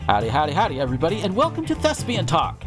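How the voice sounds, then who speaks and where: A man's voice: a little high, wildly swooping pitch, rapid-fire, loud music behind the voice. A man from the United States hosting a podcast and ranting profanely in casual chat. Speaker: podcast host.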